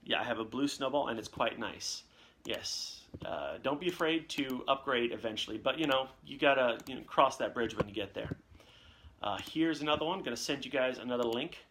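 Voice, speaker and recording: A young voice actor hosts a live Q&A stream from his home setup, using a condenser mic with a reflection shield, with slight background noise. His mid-range voice is lively and a bit bright, a little fast, as he chats, jokes, and reads out viewer comments.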